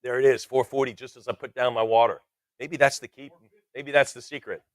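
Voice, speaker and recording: Auctioneer, man in his 60s, rapid bid chant with playful banter, mid-range voice, dry close mic. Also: medium pitch, steady tone, no room sound. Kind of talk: live auction calling.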